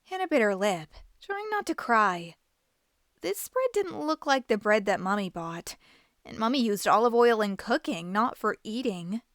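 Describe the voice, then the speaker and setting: Animated woman reading a children's story. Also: fairly high pitch, measured pace, dry recording, studio quality. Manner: animated, expressive. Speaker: host and storybook reader.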